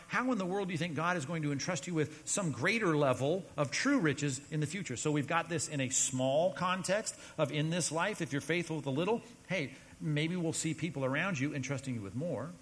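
A pastor delivers a sermon in a slightly high, husky voice. He talks to the congregation in a conversational, emphatic way and drops abruptly to hushed low lines. A long reverb trails his words in a large hall. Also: fairly quick. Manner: emphatic, conversational preaching with sudden drops to quiet.

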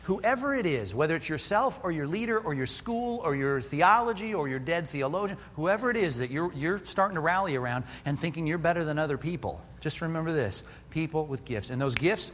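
Lively man preaching in a reverberant hall. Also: fairly high pitch, slight background noise. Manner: conversational, self-deprecating humor with rhetorical questions. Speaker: pastor. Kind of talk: sermon.

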